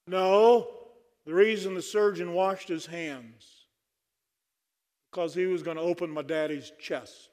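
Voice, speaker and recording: A man's voice: high-pitched, steady tone, measured pace, pauses often, darkish tone. A man preaching a sermon at a conference, fervent and dry-humored. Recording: long hall reverb.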